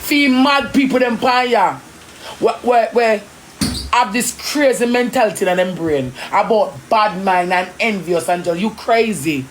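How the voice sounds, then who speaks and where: Jamaican woman going off on a live stream, heated and confrontational, talking fast in patois. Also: medium pitch, a little hiss or hum. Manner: indignant, confrontational, rapid patois.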